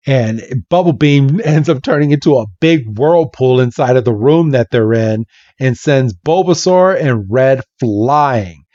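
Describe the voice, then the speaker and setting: Slow-talking man recapping a story. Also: medium pitch, dark tone, dry recording. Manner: chatty, runs phrases together with "he's like". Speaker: podcast host. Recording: dull, muffled lo-fi recording.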